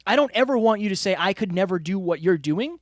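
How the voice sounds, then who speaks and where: A man's voice: high voice, lively intonation, fast talker, no room sound, clean studio sound. A man co-hosting a podcast, talking through his year in an earnest, reflective way and speaking straight to the listeners. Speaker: podcast co-host. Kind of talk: casual podcast chat. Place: studio room with a whiteboard.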